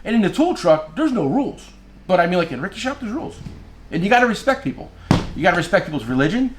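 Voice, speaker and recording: A man's voice: sits high, quick pace, echoey room, noisy background. A man who works as a tool dealer, telling stories in a casual chat and acting out the voices of the people he quotes. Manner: animated, acts out quoted voices, swears.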